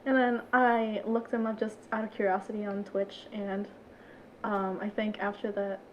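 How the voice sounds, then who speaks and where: A woman's voice: medium pitch, moderate pace, muffled recording, a little hiss or hum. A young woman in her twenties, a podcast guest chatting casually, giggling and acting out what others said. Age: 20s. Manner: giggly, animated storytelling with acted-out quotes. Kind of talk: casual chat.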